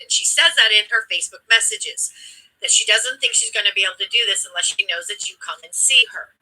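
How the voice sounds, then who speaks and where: A woman's voice: mid-range voice, fairly quick, pushed and bright, low-quality recording. A woman host telling a story with emphatic, blunt, profane delivery, acting out the dialogue as she goes. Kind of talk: impassioned storytelling commentary.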